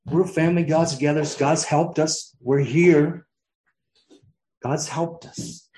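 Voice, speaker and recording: A man's voice: fairly high pitch, steady tone, unhurried, darkish tone, roomy sound, poor audio. A man preaching a sermon, earnest, often restarting his sentences and rising into emphatic peaks. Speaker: pastor.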